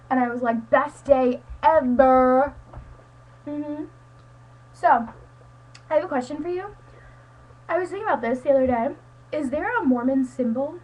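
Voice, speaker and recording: A woman's voice: high voice, a little mellow, slight background noise, rough recording. A teenage girl chatting casually to a friend on her webcam, rambling with lots of "like" and "um". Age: teens. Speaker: student vlogger. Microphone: webcam mic.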